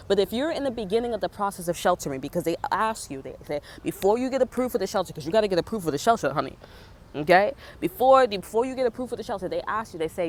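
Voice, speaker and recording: A woman's voice: mid-range voice, lively intonation, fast, a little hiss or hum. Brief: young pregnant woman, profane street-slang rant, fired-up vlog venting. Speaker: vlogger. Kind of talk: casual venting monologue.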